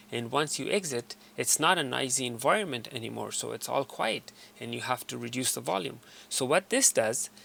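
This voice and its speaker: A man's voice: mid-range voice, creaky, fairly bright tone, a little hiss or hum. A man casually walking viewers through device settings step by step, with a loose, hesitant delivery full of fillers and restarts. He often stops mid-sentence and starts again. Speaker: tutorial presenter. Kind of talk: casual screen walkthrough.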